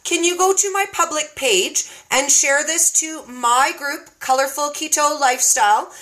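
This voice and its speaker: A bubbly woman hosting a casual live-stream chat. Her voice sits high and sounds bright and sharp, and she laughs often between her chatty remarks. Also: unhurried. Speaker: host.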